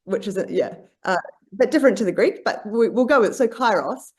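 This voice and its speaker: A woman's voice: mid-range voice, expressive, brisk, darkish tone. A woman speaking as a podcast guest, reflective and searching for words, with many fillers and restarts. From Australia. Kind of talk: reflective conversation.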